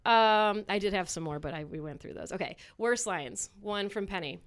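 A woman chatting casually on a podcast about a movie, animated and quoting lines. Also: mid-range voice, normal speed. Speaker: podcast co-host. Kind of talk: casual chat.

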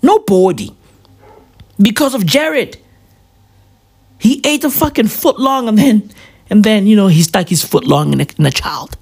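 A woman's voice: medium pitch, animated, measured pace, pauses often, darkish tone, slightly rough. A tired woman doing a profane, rambling comedic rant that keeps drifting off on tangents.

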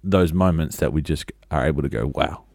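A man hosting a podcast, talking earnestly and a little haltingly, with many fillers and restarts. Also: rumbling low, darkish tone, dry recording, clean studio sound. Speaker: podcast host. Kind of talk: reflective podcast monologue.

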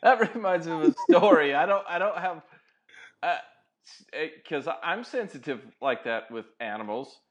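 A man's voice: a little high, expressive, moderate pace. A man chatting casually, laid-back and agreeable, telling a story. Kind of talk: casual chat.

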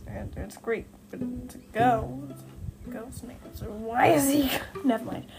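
A woman's voice: fairly high pitch, a little slow, gravelly, over loud music, rough recording. A young woman hosting a casual fan-theory podcast, rambling and correcting herself, recorded at home by a window. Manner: rambling, self-correcting, giggly. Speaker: podcast host.

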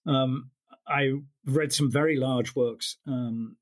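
A man's voice: mid-range voice, steady tone, slow. A man who works as an audiobook narrator, talking thoughtfully in an interview with frequent restarts. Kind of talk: interview conversation.

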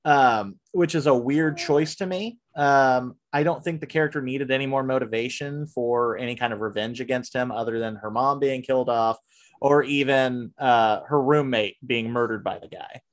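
Casting note: man, casual podcast host, mid-pitch voice, rambling, filler-heavy, quick to rant. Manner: rambling, frequent fillers and restarts, animated rants. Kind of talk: casual movie review chat.

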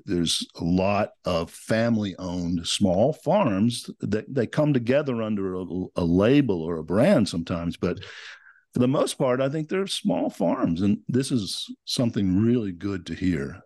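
A man's voice: lowish voice, darkish tone, no echo, studio quality. A man hosting a podcast, opening in an upbeat announcer style and then chatting with fillers. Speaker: podcast host. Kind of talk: podcast intro and interview.

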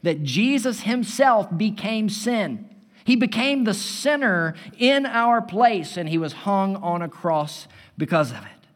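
A man preaching a sermon as pastor, building loud and emphatic and then dropping to a hushed tone. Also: high-pitched, expressive, slow pace. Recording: long hall reverb.

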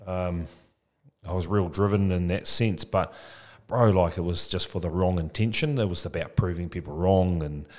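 Deep-voiced man in his forties, candid. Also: normal speed, a little mellow. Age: 40s. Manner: casual, says "bro" often, frank and reflective. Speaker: podcast guest, childcare business founder. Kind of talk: candid conversational interview.

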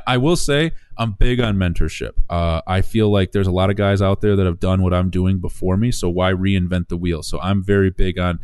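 Guy chatting, tells a business story, fairly low voice, acts out the quotes, lots of restarts, dry sound. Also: a little mellow, smooth, dry recording. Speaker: small business owner telling his story. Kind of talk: casual storytelling chat.

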